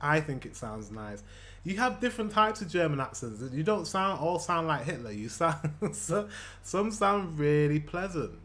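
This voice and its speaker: A British man hosting a reaction video, chatting casually and excitably, now and then swearing and laughing. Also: on the high side, normal speed. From Britain.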